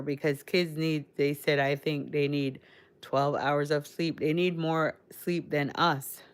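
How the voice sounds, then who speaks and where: Slow, low-voiced Caribbean-American woman. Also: level tone, fairly bright tone, smooth. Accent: Caribbean mixed with American. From Caribbean, raised in Connecticut. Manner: chatty, rambling, addresses chat directly. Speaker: livestream host. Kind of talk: casual live-stream chat with viewers.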